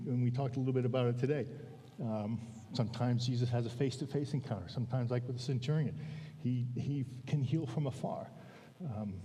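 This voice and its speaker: Male preacher, relaxed conversational sermon, mellow tone, reverberant sanctuary. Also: medium pitch. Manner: conversational, frequent "all right?" check-ins; slows down for emphasis. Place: church sanctuary. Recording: long reverb of a church hall.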